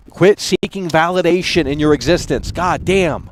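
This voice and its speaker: A high-voiced man hosts a live stream talk show. He rants without a script, swearing freely and sounding fed up. Scornful, mocking laughter keeps breaking through his rant. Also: moderate pace, a little hiss or hum. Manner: profane, exasperated ranting.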